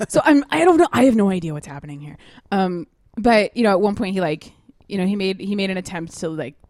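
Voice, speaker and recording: A woman's voice: medium pitch, animated, a little fast, darkish tone, dry recording, studio quality. A woman co-hosting a casual podcast, telling a story with lots of fillers and giggles. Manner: rambling, giggly, many fillers. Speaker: podcast co-host.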